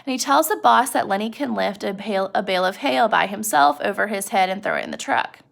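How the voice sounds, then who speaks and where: A young woman explaining a novel in a loose, conversational way, often speaking straight to the listener. Her voice carries a noticeable gravelly fry. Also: medium pitch, fast talker, a bit bright. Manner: chatty, uses many fillers, addresses listener directly. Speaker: teacher. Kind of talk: casual literature lesson.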